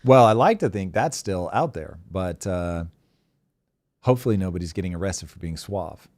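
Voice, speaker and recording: A man's voice: deep voice, expressive, normal speed, a little mellow, dry recording. A man hosting a live talk show, chatting bluntly and animatedly, swearing freely. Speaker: host. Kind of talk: casual live show chat.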